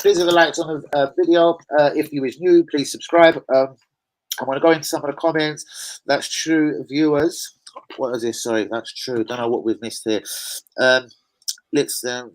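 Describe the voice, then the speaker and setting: A man with a fairly high voice, talking at normal speed, hosts a live football fan stream previewing a match. He chats casually, reads viewer comments aloud, and swears freely, all on a low-quality recording.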